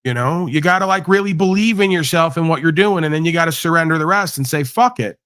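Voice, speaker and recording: A man's voice: fairly high pitch, quick pace, fairly bright tone, clear, resonant tone, no echo, studio quality. A man hosting a livestream, delivering a profane, combative, preachy rant. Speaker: livestream host. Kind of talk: ranting monologue.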